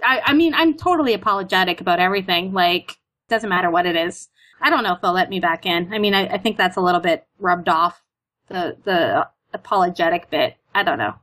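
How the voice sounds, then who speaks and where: Brisk and lowish-voiced, this Canadian woman is a guest in a casual chat. She's talkative, full of "like" and "you know," and animatedly acts out the stories she tells about herself.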